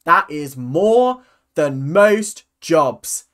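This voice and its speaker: A woman's voice: low-pitched, lively intonation, extremely slow, a bit bright. A woman hosting a reaction video, chatting sarcastically and exclaiming at clips. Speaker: YouTube reaction host. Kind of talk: casual reaction commentary.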